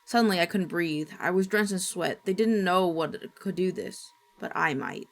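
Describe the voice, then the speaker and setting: A woman's voice: fairly low pitch, animated, moderate pace, vocal fry. Woman narrating a horror story. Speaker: streamer.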